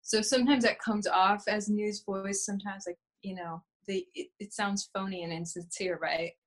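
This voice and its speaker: Woman journalist speaking clearly. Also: mid-range voice, fairly even intonation. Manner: clear, measured, enunciated. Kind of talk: interview answers.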